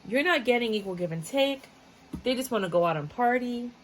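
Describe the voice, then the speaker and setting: A woman's voice: fairly high pitch, expressive, brisk, a little hiss or hum, poor audio. A woman giving a casual tarot reading to her viewers, chatty and blunt, swearing freely and breaking into asides. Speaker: tarot reader.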